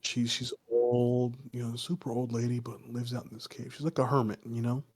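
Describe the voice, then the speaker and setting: A man's voice: medium pitch, monotone, normal speed, darkish tone. Podcast guy rambling through a spooky story, swears a lot, lots of um and you know. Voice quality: loose, profane, rambling with many fillers. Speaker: podcast co-host. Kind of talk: casual storytelling.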